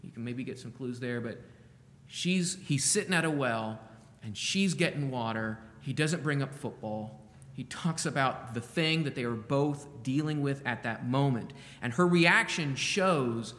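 A man's voice: mid-range voice, lively intonation, a little slow, fairly bright tone, big-room sound. A man preaching in a conversational style, musing aloud with asides and rhetorical questions. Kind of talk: conversational Bible teaching.

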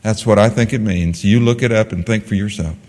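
A man preaching a sermon, from the Netherlands, animated and emphatic, dropping to a soft storytelling voice. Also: on the low side, fairly quick. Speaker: pastor. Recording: long hall reverb.

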